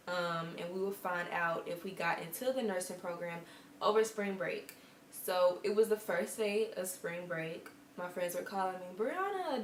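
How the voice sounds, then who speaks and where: A woman in her twenties telling a personal story to camera in a chatty, earnest way. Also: on the low side. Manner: chatty and earnest, with quoted asides. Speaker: vlogger. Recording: echoey room with faint background hum.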